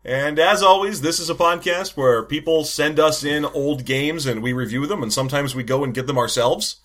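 A man's voice: on the high side, moderate pace, a bit bright. A man co-hosting a comedy podcast about old games, chatting in a sarcastic, joking way and laughing often. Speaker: podcast co-host. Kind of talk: casual comedic chat.

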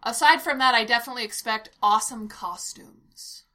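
Dry-witted bright-voiced woman. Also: fairly high pitch, fairly quick. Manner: dry, deadpan remarks. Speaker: podcast co-host. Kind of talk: casual movie-review chat.

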